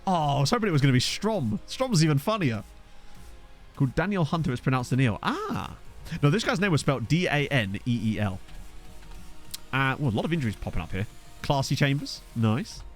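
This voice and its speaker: Young man, streamer, casual game commentary, joking about chat names, lively up-and-down pitch, faint music underneath. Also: fairly quick. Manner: jokey, riffing on viewers' names.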